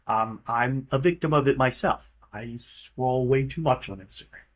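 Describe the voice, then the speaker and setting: A man talks alone into the mic in an easygoing, loose monologue. He rambles from thought to thought, sounds offhand, and swears casually. His voice sits at an ordinary middle pitch for a man. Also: moderate pace. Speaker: podcast host.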